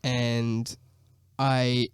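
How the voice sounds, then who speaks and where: A man's voice: mid-range voice, completely flat delivery, very slow, smooth, dry recording, clean studio sound. A young man, a guest musician, telling stories in a laid-back way on a casual podcast, often laughing. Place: podcast studio.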